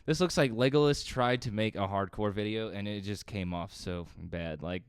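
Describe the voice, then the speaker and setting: A man's voice: fairly low pitch, normal speed, clear, resonant tone, no echo, studio quality. A man hosting a reaction video, ranting in heated, profane commentary that rambles from point to point.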